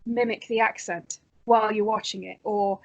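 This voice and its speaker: A woman's voice: mid-range voice, fairly even intonation, normal speed, creaky, a little mellow. Chatty northern English woman. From England (Staffordshire). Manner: chatty, laughs often, restarts thoughts. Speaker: podcast guest, author. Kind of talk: casual chat.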